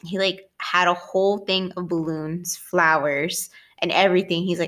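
A young woman co-hosting a casual podcast, telling personal stories with frequent swearing and big jumps in pitch when she acts out what people said. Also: steady tone, normal speed, few pauses, a bit bright. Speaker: podcast co-host. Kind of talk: casual storytelling chat.

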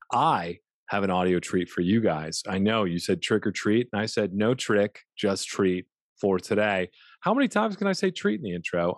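Male podcast host, low-ish voice, playful and teasing; dry close mic. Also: no room sound. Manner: goofy, teasing, playful asides. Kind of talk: podcast intro and interview. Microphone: studio mic, video call.

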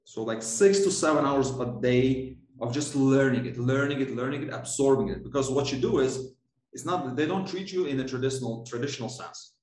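A man's voice: mid-range voice, a little fast, a little mellow, reverberant, low-quality recording. A man telling a personal story as a podcast guest, rambling with many restarts and self-corrections and laughing often. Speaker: podcast guest, coach and author. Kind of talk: casual storytelling interview.

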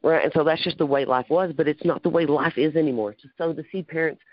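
A man's voice: fairly high pitch, fast talker, no echo. A man hosting a podcast, chatting with his guests in an earnest, reflective way. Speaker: podcast host. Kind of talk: casual interview chat. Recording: dull, dry sound.

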